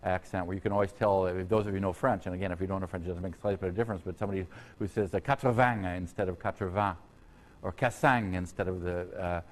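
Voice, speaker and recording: A man giving an unscripted university history lecture, halting often on fillers and restarts, with conversational asides to his students. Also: deep voice, fairly even intonation. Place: lecture hall.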